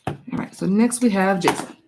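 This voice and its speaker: A woman's voice: medium pitch, normal speed, noisy background. A woman doing a casual live-stream tarot reading, chatty with many fillers, reading viewer comments aloud. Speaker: tarot reader.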